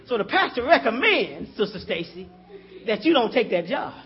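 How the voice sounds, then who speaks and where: A man's voice: high-pitched, big pitch swings, normal speed, lo-fi sound. A man preaching a sermon in a conversational style, calling out to the congregation and chuckling as he talks.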